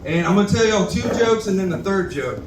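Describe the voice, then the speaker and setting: This young open-mic comic talks back to the crowd and rambles through profane, self-deprecating material in an echoey bar. He sounds high-pitched, animated and brisk, picked up from a distance with background noise.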